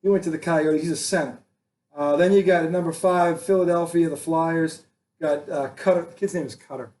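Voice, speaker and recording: A man's voice: on the high side, fairly even intonation, brisk, darkish tone. A man hosting a casual sports talk show, rambling and joking with frequent restarts. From Boston area.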